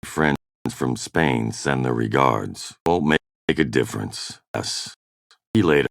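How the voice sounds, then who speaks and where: An actor playing a hard-bitten, mercenary privateer captain in video game voice-over takes, with curt, sardonic lines. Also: male voice, a bass voice, unhurried, gravelly, dry recording, studio quality, full character voice. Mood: gruff. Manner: curt, sardonic one-liners. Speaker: voice actor in game recording sessions.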